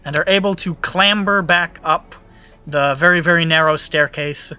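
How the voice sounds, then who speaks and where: Bright-voiced joking game master. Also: male voice, a little high, moderate pace, smooth, highs cut off, faint music behind. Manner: loose, joking, with many uh fillers. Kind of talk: tabletop game narration.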